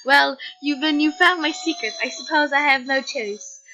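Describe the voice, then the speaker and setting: A woman's voice: high voice, moderate pace. Papyrus, a boastful skeleton, as a woman puts him on. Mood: theatrical. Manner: loud, theatrical, proud declarations. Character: loud boastful male skeleton. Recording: muffled lo-fi with faint music.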